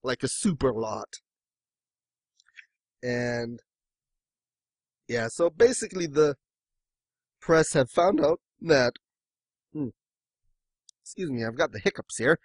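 A man's voice: mid-range voice, animated, slow, pauses often, slightly rough, no echo. A man hosting a casual podcast, chatting and joking, now and then quoting lines in other voices. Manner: chatty, jokey, breaks into quoted voices. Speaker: podcast host. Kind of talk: casual chat.

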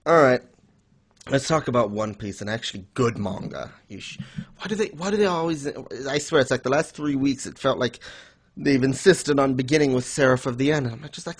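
A man's voice: medium pitch, fairly quick, breathy edge. A man co-hosting a podcast in casual chat, blunt and sarcastic, swearing freely. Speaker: podcast co-host reviewing manga.

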